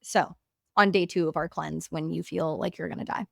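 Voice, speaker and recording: A woman's voice: low voice, steady tone, normal speed, creaky, a bit bright, no room sound, studio quality. A young woman hosting a podcast, chatting casually in a bubbly, gushing way and saying "like" often. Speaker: podcast host.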